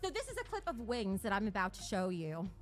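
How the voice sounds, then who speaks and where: A woman's voice: mid-range voice, huge pitch swings, a little fast, faint music behind. A woman streamer ranting casually on a livestream, profane and taunting, a little out of breath.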